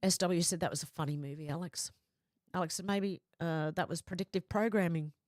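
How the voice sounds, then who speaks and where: Here a streamer reads comments from her viewers, laughing and chatting into a nearby desk mic. Her voice sits low with fairly even intonation and a brisk pace, and the recording carries no room sound.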